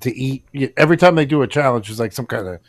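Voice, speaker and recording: A man's voice: mid-range voice, lively intonation, very fast. Laughing, swearing podcast man. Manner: laughing, profane storyteller. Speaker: podcast co-host. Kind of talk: casual chat.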